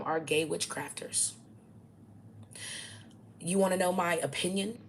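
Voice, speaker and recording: Low-voiced woman ranting bluntly. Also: a little slow, a little hiss or hum. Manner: blunt, profane, combative preaching. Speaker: self-styled spiritual teacher. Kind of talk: ranting monologue to camera.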